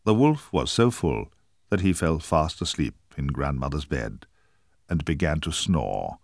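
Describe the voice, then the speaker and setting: A man narrating a children's storybook aloud in a slow, expressive read-aloud manner. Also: very deep voice, creaky, dry recording, studio quality.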